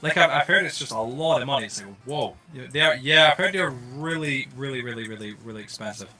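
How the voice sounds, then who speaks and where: Bright-voiced Scottish man streaming a game. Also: mid-range voice, fast, faint music behind. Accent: softened Scottish. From Scotland. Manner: rambling, laid-back, lots of fillers. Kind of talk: casual livestream chat while playing.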